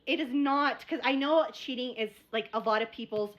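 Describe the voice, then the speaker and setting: A woman's voice: high-pitched, normal speed, a bit bright. A young adult woman chatting casually in a book review video, rambling and repeating herself as she gets worked up.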